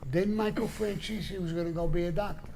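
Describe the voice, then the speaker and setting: An older man's gravelly voice sits high and warm as he tells blunt, profane stories as a guest on a casual live show, acting out each person. He keeps a fairly even intonation and talks a little fast.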